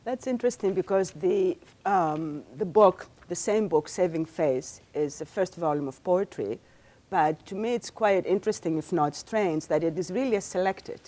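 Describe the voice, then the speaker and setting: Woman interviewer, very low and mellow voice, measured academic questions. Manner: measured, scholarly phrasing.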